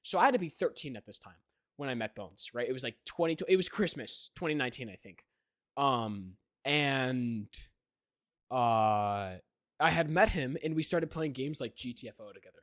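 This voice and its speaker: A man's voice: mid-range voice, expressive, moderate pace, a bit bright, no echo, clean studio sound. A teenage young man hosting a podcast, telling a story in a rambling way, full of fillers and "right?" check-ins. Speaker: podcast host. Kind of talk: casual chat.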